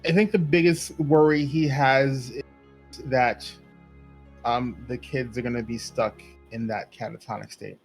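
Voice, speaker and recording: Male player, unhurried and hesitant, mid voice, quiet music behind. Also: mid-range voice, steady tone, breathy edge. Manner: slow, hesitant, many fillers. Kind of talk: casual chat in a tabletop game.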